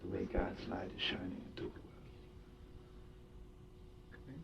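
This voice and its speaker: A man's voice: normal speed, gravelly. A man telling a story as a sermon, full of Yiddish words and laughter. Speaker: rabbi and storyteller. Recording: distant dull lo-fi recording with faint rumble.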